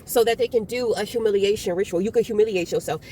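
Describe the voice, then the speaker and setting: A woman giving a casual tarot reading, talking bluntly and with plenty of swearing as she tells stories with animated energy. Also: medium pitch, quick pace, slight background noise. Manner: blunt and profane, animated storytelling. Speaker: tarot reader.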